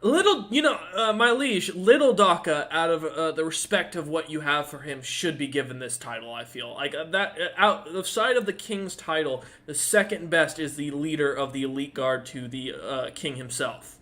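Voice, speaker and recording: A man's voice: fairly high pitch, normal speed, few pauses, sharp tone. A man doing a weary orc guard captain. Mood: persuasive. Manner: dry, put-upon, formal. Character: weary male orc captain of the royal guard, dry and dutiful.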